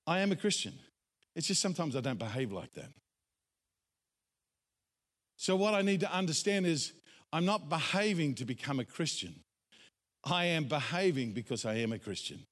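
A man preaching a sermon in an animated, dramatic way, acting out the voices of doubters. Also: on the high side. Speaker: pastor. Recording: echoey hall, long reverb.

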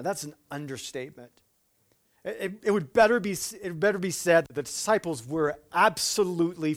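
A man with a voice on the high side preaches a sermon, breaking into humorous asides and stumbling over his words before restarting. For solemn points he turns slow and quiet.

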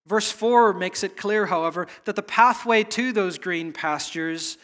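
A man's voice: sits high, fairly bright tone. A man preaching a sermon in an earnest, searching way, often restarting his phrases. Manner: earnest, repetitive, halting restarts. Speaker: pastor.

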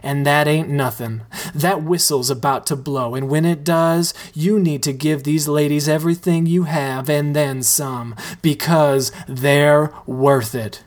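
A reader voicing Rome, a woman coach giving an emphatic pep talk to male dancers, slow and unhurried. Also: sits low, steady tone, darkish tone. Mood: rousing.

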